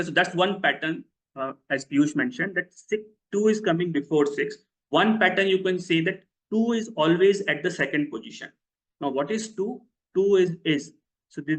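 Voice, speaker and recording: A fairly high-pitched man presents a webinar. He explains ideas step by step in a teaching tone. He keeps pausing to put questions to his listeners. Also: fairly bright tone, poor audio. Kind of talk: live online lecture.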